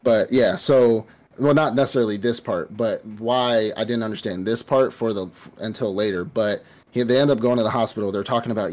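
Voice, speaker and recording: A man's voice: lowish voice, brisk, a little mellow. A man hosting a podcast, casually recapping a show in a rambling way with lots of swearing and fillers. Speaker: podcast host. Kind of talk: casual chat recapping an anime.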